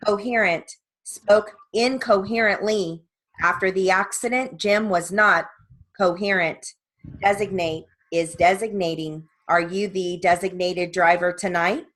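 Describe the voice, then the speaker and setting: A woman reading word lists and sentences as dictation practice, evenly and deliberately, with short spoken asides. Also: fairly low pitch, steady tone, a bit bright, rough recording. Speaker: dictation reader for steno practice.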